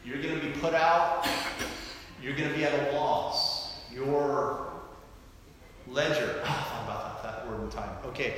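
A man preaching a sermon with emphatic delivery that swings from loud to hushed. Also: medium pitch, steady tone, a little slow, long pauses. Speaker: pastor. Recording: echoey hall, faint room noise.

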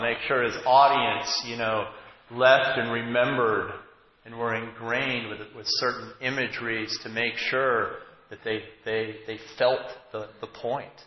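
Chatty joking preacher in an echoey hall. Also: male voice, mid-range voice, a little slow. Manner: chatty, joking asides, trailing restarts. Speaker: pastor. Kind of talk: conversational sermon. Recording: echoey hall, dull lo-fi, faint noise.

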